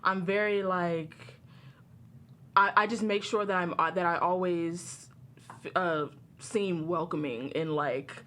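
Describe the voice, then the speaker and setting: A woman's voice: lowish voice, fairly even intonation, a little slow, fairly bright tone. A woman in her twenties co-hosting a podcast, chatty and hesitant in casual chat. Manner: chatty, hesitant, many fillers. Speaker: podcast co-host.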